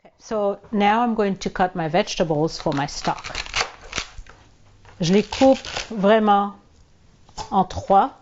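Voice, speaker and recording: A woman talks slowly and chattily as she cooks, walking through every step and dropping French words along the way. Her kitchen sounds a little muffled, with faint sizzling and clatter behind her. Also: medium pitch, lively intonation, darkish tone, a little hiss or hum. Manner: chatty, narrates each step, drops into French. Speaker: cooking show host. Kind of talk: casual cooking demonstration. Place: home kitchen.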